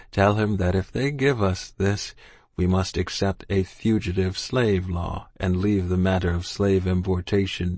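A man voicing a dying old man, hoarse whisper. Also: deep voice, no echo. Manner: slow, insistent, old-fashioned thee and thou speech. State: gasping, near death. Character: dying older Quaker man, weak, urgent. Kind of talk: audiobook character voice.

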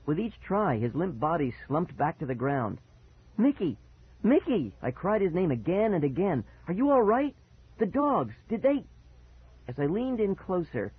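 Husky man narrating a spooky tale. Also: a little high, dry recording. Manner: expressive, dramatic storytelling. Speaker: audiobook narrator. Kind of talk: first-person story narration. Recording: dry, tinny phone-like sound.

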